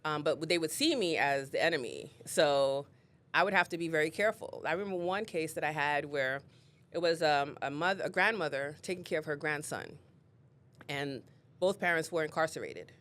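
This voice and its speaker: A woman who is a guest on an interview show, telling personal stories in an animated way and acting out what people said. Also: low voice, normal speed. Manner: animated storyteller, acts out quotes. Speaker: guest, real estate leader. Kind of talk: casual interview storytelling.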